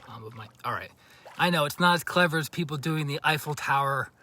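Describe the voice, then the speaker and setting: A man's voice: on the high side, brisk, sharp tone. A man livestreaming outdoors by a lake on a handheld phone, chatting and joking with viewers, a little out of breath. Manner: chatty and jokey, greeting viewers by name. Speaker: vlogger livestreaming a road trip. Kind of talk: casual livestream chat.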